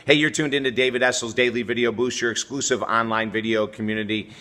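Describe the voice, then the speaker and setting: A man's voice: mid-range voice, steady tone, fast talker, sharp tone. A middle-aged man hosting an advice video as a relationship coach, talking energetically and conversationally to the camera. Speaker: relationship coach and show host.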